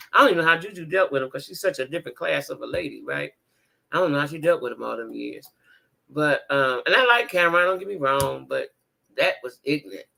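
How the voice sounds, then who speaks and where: A woman hosting a casual livestream chat, talking to her viewers in a blunt, animated and profane way, with repeated exclamations. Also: low-pitched, vocal fry. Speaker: livestream host reading viewer comments.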